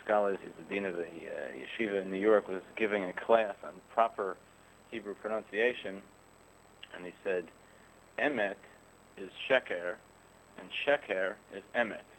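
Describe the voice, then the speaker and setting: A man explaining religious texts in a thoughtful, measured way, pausing often with "uh" as he thinks. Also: lowish voice, fairly even intonation, slight background noise, rough recording. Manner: thoughtful, measured, frequent "uh" pauses, occasional chuckles. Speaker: guest, rabbinic scholar. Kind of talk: conversational explanation.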